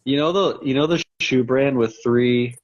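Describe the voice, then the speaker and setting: A man's voice: medium pitch, moderate pace, lo-fi sound. A man co-hosting a podcast in casual chat, telling stories with mock outrage. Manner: animated, mock-outraged storytelling. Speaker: podcast co-host.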